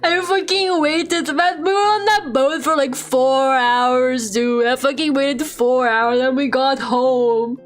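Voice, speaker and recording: A young woman with a Russian accent chatting on a live stream at home, animated, laughing often and swearing freely. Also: high-pitched, takes it slowly, hardly any pauses, faint music behind. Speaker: VTuber streamer. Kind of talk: casual live-stream chat while drawing. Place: home room.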